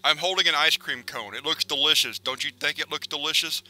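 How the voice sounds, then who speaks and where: A man's voice: on the high side, fairly quick, sharp tone, rough recording. A man voicing a paranoid, threatening male cartoon pelican who bullies and demands approval. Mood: demanding.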